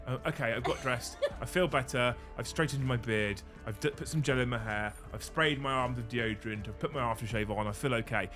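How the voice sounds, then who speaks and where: A man's voice: medium pitch, fairly bright tone. A British man hosting a casual stream, ranting comically and swearing freely. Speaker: streamer host. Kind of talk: casual comedic rant.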